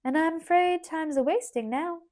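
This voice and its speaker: A woman voicing a bustling, peppery middle-aged schoolteacher aunt with a twang, speaking in a brisk, teacherly manner in an audiobook. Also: very high voice, a little mellow, voice pushed up. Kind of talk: audiobook character voice.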